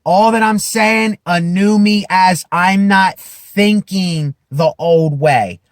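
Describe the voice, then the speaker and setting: Slow, emphatic man with a high voice. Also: dry recording, clean studio sound. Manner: slow, emphatic, repeats phrases, rises to shouting declarations. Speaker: vlogger. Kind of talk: impassioned self-help monologue.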